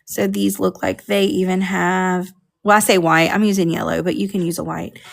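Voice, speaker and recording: A woman's voice: fairly low pitch, level tone, normal speed, vocal fry. Chatty woman teaching coloring. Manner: chatty, talks to viewers while working. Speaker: art teacher on a live stream. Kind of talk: casual live coloring class.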